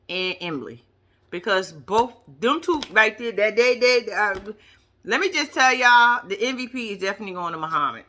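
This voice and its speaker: A woman's voice: mid-range voice, sharp tone. A woman giving a brash, profane, casual recap of a TV episode, talking straight to her viewers. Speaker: reaction vlogger.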